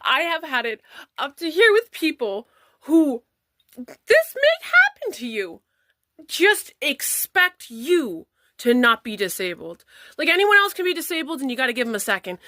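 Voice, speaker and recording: Tearful woman ranting, high and lively. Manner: angry, profane, fast venting. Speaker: parent vlogger. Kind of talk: emotional rant to camera.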